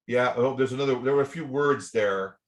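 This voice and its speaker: A man coaching a singer through feedback, chatty and full of restarts and repeated words. He keeps breaking into short demonstrations, swinging from soft to loud. His voice sits in a roomy, echoey space. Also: medium pitch, a little fast. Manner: chatty, repeats words, demonstrates by singing and speaking softly and loudly. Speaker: voice teacher. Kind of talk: voice lesson feedback. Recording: roomy echo.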